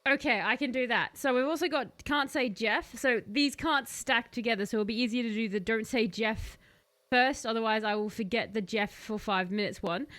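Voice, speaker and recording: A woman's voice: fairly high pitch, moderate pace, fairly bright tone. A woman streaming a video game, chatting casually with her viewers and laughing often. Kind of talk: casual gaming live-stream commentary.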